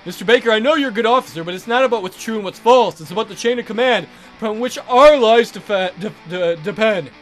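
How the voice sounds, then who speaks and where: A man's voice: high voice, fast talker, faint music behind, natural voice. A man reading a text adventure aloud, voicing a blunt but sympathetic senior naval officer in a firm, emphatic manner. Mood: earnest.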